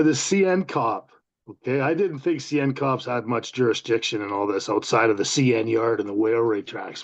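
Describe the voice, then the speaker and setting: A Canadian man hosting a casual chat, telling profane biker road stories. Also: mid-range voice. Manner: profane, storytelling. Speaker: podcast host. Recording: dull lo-fi sound.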